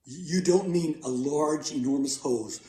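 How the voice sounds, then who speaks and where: Eager storybook boy played by a man, earnest questions, slow and mellow. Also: fairly high pitch, close to an everyday voice. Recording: roomy echo.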